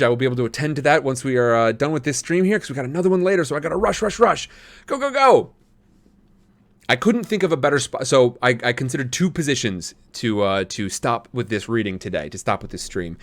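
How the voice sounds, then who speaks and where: A man reading a novel aloud on a live stream. His voice sits in a middle register, and his first-person narration is steady and plain. Between chapters he chats with viewers in a friendly way. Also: medium pitch, no room sound.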